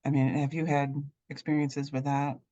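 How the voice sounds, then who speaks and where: A woman's voice: very deep voice, little pitch movement, normal speed, dark tone. Woman host on a dull lo-fi line. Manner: thoughtful, hesitant phrasing with fillers. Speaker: podcast host. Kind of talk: interview questions.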